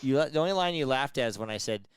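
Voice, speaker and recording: A man's voice: medium pitch, expressive, racing, clean tone, no room sound. A man hosting a podcast in casual chat, joking and laughing often. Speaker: podcast host.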